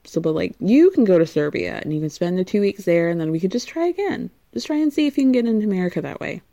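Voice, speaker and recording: A woman's voice: lowish voice, sing-song, quick pace, mellow, no echo, highs cut off. A woman podcast host chatting casually, laughing often and tossing in blunt asides. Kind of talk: casual recap chat.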